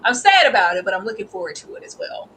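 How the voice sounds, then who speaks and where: A woman co-hosting a TV review in casual, animated chat, calling people "girl" and "baby.". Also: on the high side, fast talker, creaky, slight background noise, poor audio. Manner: animated, slips into playful character voices and laughs often; familiar, peppered with "girl" and "baby". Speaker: co-host reviewing a TV series.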